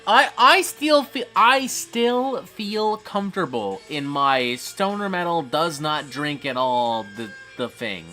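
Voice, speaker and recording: A man's voice: sits high, pushed and bright. A man hosting a casual livestream, reading chat messages aloud and reacting with frequent swearing.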